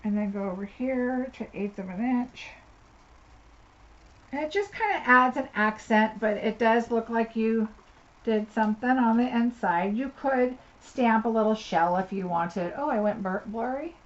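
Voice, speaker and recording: A woman's voice: on the high side, a little slow. A woman giving a live card-making tutorial, chatting and thinking aloud as she works at her desk. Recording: slightly dull audio with faint noise.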